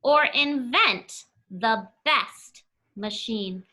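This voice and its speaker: Bright, lively teacher reading aloud. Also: female voice, a little high, drawn-out words. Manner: playful, chatty asides to children. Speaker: elementary school teacher. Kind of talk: reading a picture book aloud to a class.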